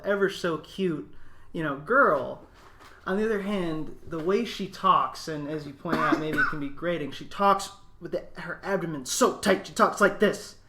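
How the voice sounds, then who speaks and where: A man's voice: on the high side, bright, forceful tone. A man hosting a film podcast, talking with eager, emphatic enthusiasm in a casual discussion. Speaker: podcast host.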